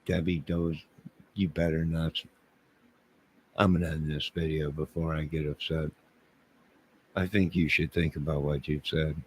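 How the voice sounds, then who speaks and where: A man's voice: rumbling low, level tone, a little slow, pauses often, slight background noise. A man livestreaming, joking with his chat in a mock-indignant way and talking back to viewers.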